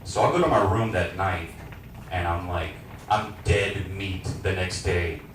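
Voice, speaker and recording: Loud, brash forty-year-old male comic. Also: fairly low pitch, a little hiss or hum. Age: 40s. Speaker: stand-up comedian. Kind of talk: stand-up comedy set. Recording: echoey venue miked from a distance.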